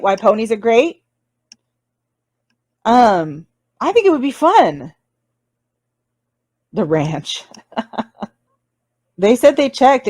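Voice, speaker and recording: A woman with a fairly high voice hosts a casual livestream chat, rambling and laughing often between apologetic asides. There is no room sound.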